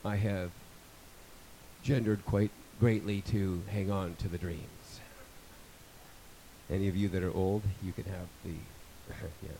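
A man in his fifties preaching a sermon, rambling with joking asides and building to loud, emphatic passages. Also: low voice, flat delivery, slow, pauses often, slight background noise, rough recording. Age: 50s.

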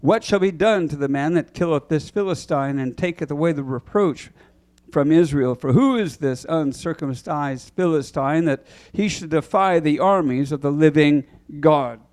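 A man's voice: fairly high pitch, normal speed, darkish tone, natural voice. A man reading as a bold young shepherd. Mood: confident. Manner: read aloud from scripture.

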